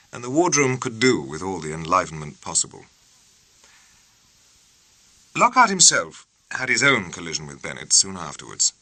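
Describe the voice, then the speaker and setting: A man, narrating a novel in a measured, clearly spoken audiobook reading. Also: low voice, pushed and bright, no room sound, poor audio. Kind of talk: scripted narration.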